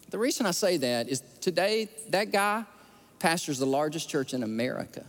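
A man's voice: fairly high pitch, lively intonation, normal speed, a bit bright. A man preaching a sermon, earnestly and emotionally telling stories and repeating his words as he goes. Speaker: pastor. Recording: long hall reverb.

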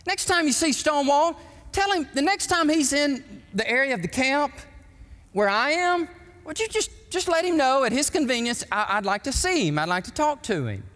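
Man plays a courteous older general, raised pitch, gentle deferential ask, reverberant hall. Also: animated, normal speed. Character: old male general, politely courteous.

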